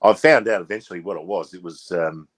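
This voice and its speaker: A man's voice: low-pitched, fast. A man from Australia telling rambling, swear-filled party stories in casual chat. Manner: swears freely, rambling anecdotes.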